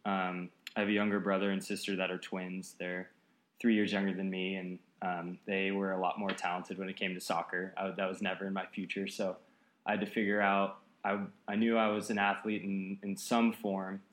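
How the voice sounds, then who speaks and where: A man's voice: low-pitched, little pitch movement, a little fast, a bit bright, roomy sound. A man in his late twenties from the Seattle area, a podcast guest talking in an easygoing, rambling way with lots of fillers. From Seattle area, United States. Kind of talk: casual interview chat. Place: apartment.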